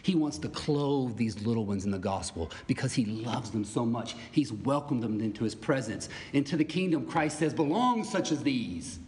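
A man preaching a sermon as pastor, animated, with asides and little laughs. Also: medium pitch, moderate pace, hardly any pauses, slight background noise. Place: church sanctuary. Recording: reverberant church hall.

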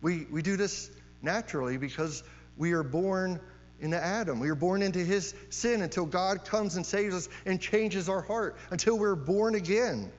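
A man's voice: sits high, normal speed. A man preaching a sermon, emphatic, repeating key phrases and often asking "right?" to his listeners. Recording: long hall reverb, dull sound, mains hum.

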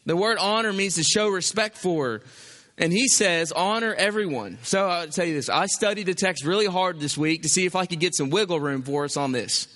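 Male pastor, sermon delivery, high bright voice, reverberant hall. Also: normal speed. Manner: animated, acts out an imagined objector.

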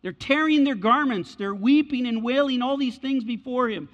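A male pastor preaching a sermon in an animated, colloquial way, repeating his key phrases. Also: extremely high pitch, normal speed. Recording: reverberant hall, dull lo-fi.

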